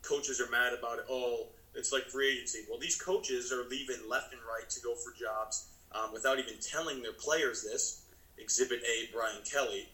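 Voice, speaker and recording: A man co-hosting a sports podcast with a bright, forward tone and casual, conversational delivery. His voice rings in a roomy, echoey space. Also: medium pitch, fairly even intonation, normal speed. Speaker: podcast co-host.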